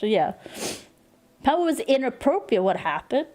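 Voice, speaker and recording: A woman streamer chatting casually at her home desk into a desk microphone, excitable, gushing thanks, laughing and swearing. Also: mid-range voice, normal speed, slight background noise. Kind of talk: casual live-stream chat.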